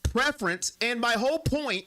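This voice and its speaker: A man's voice: extremely high pitch, lively intonation, moderate pace, pushed and bright. A young man hosting a sports live stream, chatting casually and emotionally with his viewers. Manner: emotional, talks straight to his chat.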